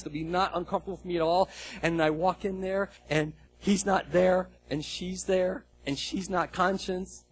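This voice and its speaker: Husky-voiced male pastor preaching. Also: fairly high pitch, rough recording. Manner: animated storytelling, acts out quoted dialogue. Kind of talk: sermon.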